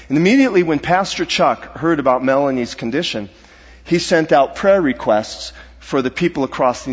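A middle-aged man telling a personal story in a sermon, earnest and halting, his voice dropping to a hush at the grave parts. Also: a little high, husky. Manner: earnest, halting, dropping to a hushed voice at serious moments. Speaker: guest speaker. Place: church sanctuary. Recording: dull reverberant hall sound.

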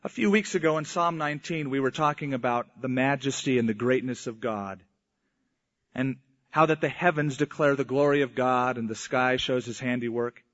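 A male pastor giving a conversational sermon, with slow, emphatic phrasing. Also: medium pitch, fairly bright tone. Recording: echoey hall, dull lo-fi sound.

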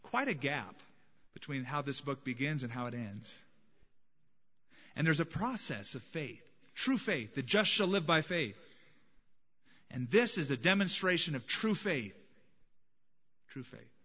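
A male pastor preaching a sermon in a dramatic manner, dropping to a hush and then rising to emphatic points. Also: mid-range voice, very animated, unhurried, long pauses, husky, in a large hall, lo-fi sound. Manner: dramatic, swings between hushed and emphatic.

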